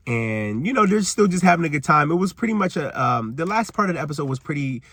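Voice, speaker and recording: A man's voice: on the high side, big pitch swings, fast, fairly bright tone, dry recording. A man giving a casual, rambling recap of a TV episode outdoors, leaning heavily on "like" and "you know" as he talks to his viewers. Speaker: TV recap vlogger. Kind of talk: casual reality-TV recap rant. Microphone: camera he is holding or propping up.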